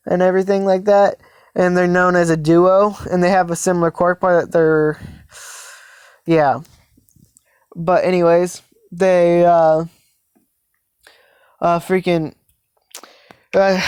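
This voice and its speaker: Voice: medium pitch, smooth, dry recording, clean studio sound. A fan storyteller narrating a story casually, rambling and hesitant with many fillers and restarts.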